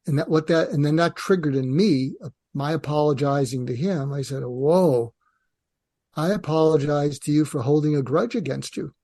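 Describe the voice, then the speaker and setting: An older man with a gravelly, creaky voice tells a personal story. He is reflective and halting, restarting his sentences. The sound is dry and close to the mic. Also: fairly high pitch, mellow, dry recording. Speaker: podcast co-host, psychiatrist.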